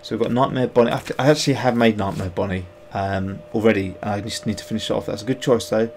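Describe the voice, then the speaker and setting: A man's voice: lowish voice, steady tone, fast, darkish tone, slight background noise. A man on a livestream, rambling and thinking aloud as he sculpts, joking at himself and greeting viewers. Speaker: sculptor streaming his work. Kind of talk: casual livestream chat while working.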